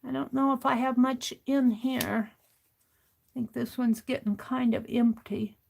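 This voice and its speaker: A woman's voice: high-pitched, fairly even intonation, slow, gravelly, darkish tone, slight background noise. A woman hosting a craft livestream, chatting casually and rambling to herself as she works. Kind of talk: casual chat while crafting.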